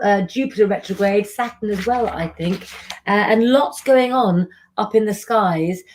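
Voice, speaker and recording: A woman's voice: mid-range voice, a little mellow. A woman hosting a casual astrology livestream, chatty and affectionate, calling viewers darling and honey. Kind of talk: casual live-stream chat.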